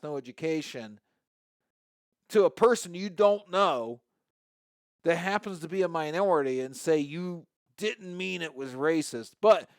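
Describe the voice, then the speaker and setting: A man's voice: a little high, no room sound, studio quality. A man hosting a sports talk radio show, talking loosely and chatting back at the clips he plays.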